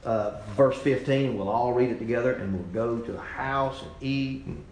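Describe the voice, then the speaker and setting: A man preaching with real fire, his voice climbing into shouts and then dropping to near murmurs. He sits at an ordinary middle pitch. The sound carries the roomy echo of a church sanctuary. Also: moderate pace, a little hiss or hum. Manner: impassioned, swings from loud outbursts to low asides. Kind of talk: fiery sermon.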